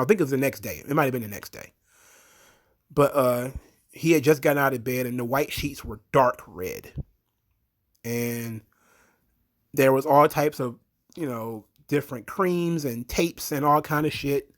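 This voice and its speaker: A man giving a blunt, opinionated, rambling commentary monologue as a show host. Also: mid-range voice.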